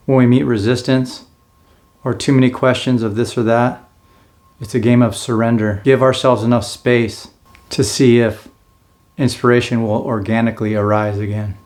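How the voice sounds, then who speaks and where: Recounting his own life in an easygoing, earnest manner, a man in his forties speaks with a medium pitch and a darkish tone, sometimes acting out his past lines.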